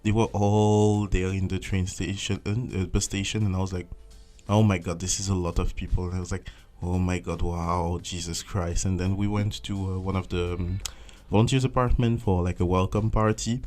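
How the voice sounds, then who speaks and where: A man's voice: low voice, little pitch movement, normal speed, hardly any pauses, a little mellow. A young man from France with a French accent, a former volunteer, telling stories in a casual interview and acting out his own past thoughts in swooping voices.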